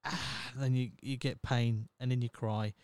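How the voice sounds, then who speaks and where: A man in his thirties with a Norfolk English accent rambles through a solo podcast, swearing freely and poking fun at himself. His voice is smooth and clear at a middling pitch. The sound is close and dry. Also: level tone, unhurried, a little mellow, no echo. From Norfolk, England. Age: 30s. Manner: rambling, profane, self-mocking. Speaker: podcast host. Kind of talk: casual solo podcast monologue.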